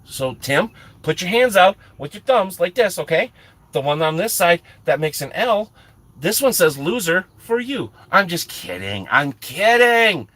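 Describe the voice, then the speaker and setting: A man's voice: high-pitched, big pitch swings, unhurried, a bit bright, no echo. A middle-aged man telling a rambling, self-mocking story to his chat, with lots of restarts. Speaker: streamer. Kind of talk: casual storytelling to live chat.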